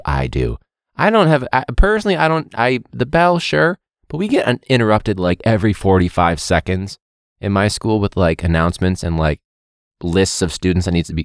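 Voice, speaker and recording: A man's voice: low voice, dry recording, studio quality. A young man, a teacher hosting a podcast, talking casually and animatedly, joking and mimicking others. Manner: animated, jokey, mimics people in a loud voice.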